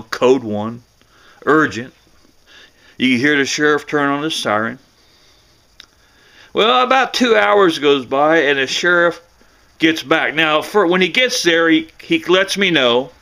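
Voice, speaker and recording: An older man, a former police dispatcher, telling a story in a casual, animated way and acting out the voices of the people in it. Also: on the high side. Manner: animated, acts out voices in the tale, chuckles.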